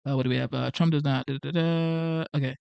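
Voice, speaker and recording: A man's voice: a little high, fairly even intonation, fairly quick, vocal fry, clean tone, dry recording, lo-fi sound. A Nigerian man with a Nigerian accent hosting a livestream, rambling casually and reading out viewer comments, with lots of "like" and "okay?". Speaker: livestream host.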